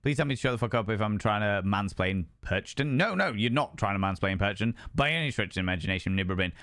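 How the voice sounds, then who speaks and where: A man's voice: lowish voice, lively intonation, fast, fairly bright tone, no echo, studio quality. A young man chatting live with his stream viewers in a playful, theatrical way, swinging between musing and flamboyant greetings. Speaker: streamer host. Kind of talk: casual live-stream chat.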